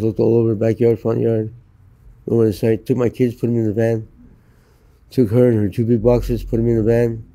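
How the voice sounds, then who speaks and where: A middle-aged man from the United States recounts his life story in an interview in Los Angeles, speaking bluntly, profanely, and matter-of-factly. His voice is medium-pitched and mellow.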